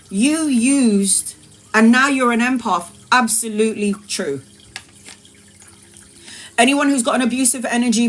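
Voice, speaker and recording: A woman's voice: mid-range voice, a bit bright. Emphatic woman tarot reader on a live stream. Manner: emphatic and repetitive, addresses viewers as "my love", swears freely. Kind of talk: live-streamed spiritual talk.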